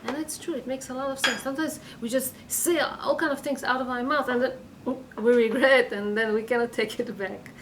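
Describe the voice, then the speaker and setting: A woman's voice: high-pitched, steady tone, a little fast, a bit bright, a little hiss or hum, rough recording. A woman giving an informal weekly religious class, earnest and advising, with many fillers and restarts.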